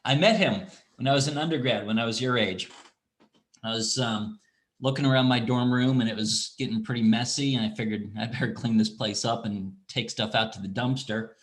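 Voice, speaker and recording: A middle-aged man teaching an online astronomy class, talking in a relaxed, rambling way with restarts and asides. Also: medium pitch, brisk. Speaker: university astronomy instructor. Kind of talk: online lecture with screen demo.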